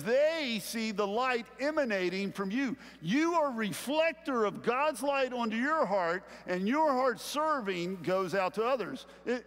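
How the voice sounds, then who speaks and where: A male pastor with a Southern US accent preaching a sermon in a conversational way, slowing down to stress key phrases, in a large church sanctuary. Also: very high voice, fairly bright tone, big-room sound.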